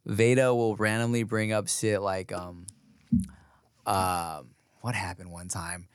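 A man in his thirties co-hosting a casual podcast, animated and joking, slipping into voices when he retells stories. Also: slow, clean tone, no room sound. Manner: animated, acts out his daughter's lines in a high voice. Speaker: podcast co-host.

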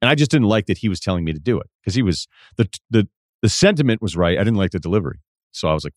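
A man's voice: deep voice, fast talker, no room sound, clean studio sound. A middle-aged man hosting a podcast, telling a story in a casual, wry, self-deprecating way. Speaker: podcast host. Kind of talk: casual advice monologue.

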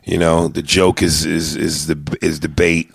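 Male comedian podcast host, very low gravelly voice, rambling and profane, dry sound. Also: flat delivery, measured pace, dry recording. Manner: rambling, profane, lots of restarts. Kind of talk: casual podcast chat.

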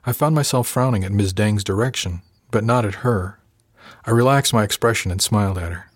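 A man with a low voice narrates a first-person tale in an even, wry storytelling manner. The recording is dry and close, with no room around him. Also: a little fast, no room sound. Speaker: audiobook narrator.

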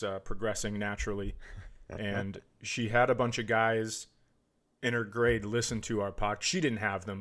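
A man's voice: medium pitch, a bit bright. A man in his forties co-hosting a comedy podcast, chatting in a wry, easygoing way. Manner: wry, easygoing, laughs along. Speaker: podcast co-host. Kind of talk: casual comedic chat.

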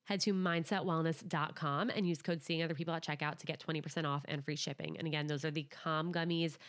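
A woman's voice: low-pitched, steady tone, fast talker. A young woman hosting a podcast, chatting casually and upbeat with lots of "like". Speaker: podcast host.

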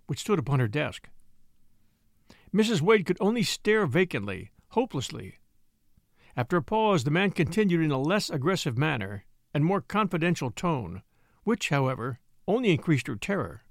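Expressive male storyteller, dry close sound. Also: a little high, normal speed, gravelly, no room sound. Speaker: audiobook narrator. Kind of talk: scripted story narration.

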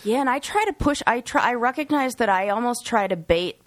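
A woman co-hosting a podcast, talking openly about her own feelings with halting restarts. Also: on the high side, lively intonation, no room sound. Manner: open, confessional, halting with restarts. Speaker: podcast co-host. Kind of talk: casual podcast chat.

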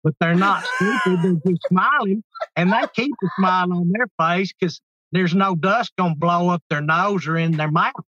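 A Texan man speaking as a podcast guest, explaining things in an animated way with lots of examples. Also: high-pitched, moderate pace, highs cut off. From Texas. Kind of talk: casual chat.

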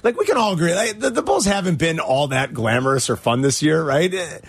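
A man hosting sports talk radio with a lively, swooping voice that climbs a little high. He rants and raves like a worked-up fan, quick to get livid over a bad call. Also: husky, no room sound. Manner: animated, ranting sports fan.

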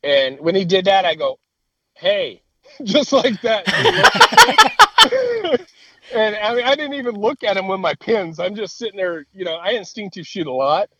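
A man telling a hunting story in casual conversation. He is animated, swears freely and laughs at his own story. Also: sits high, a little slow, a little hiss or hum, poor audio.

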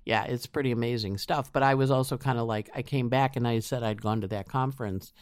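A woman's voice: very deep voice, steady tone, a little fast, a little mellow, no room sound, studio quality. A woman astrologer chatting in an interview, rambling with many restarts. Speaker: astrologer guest. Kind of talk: casual interview chat.

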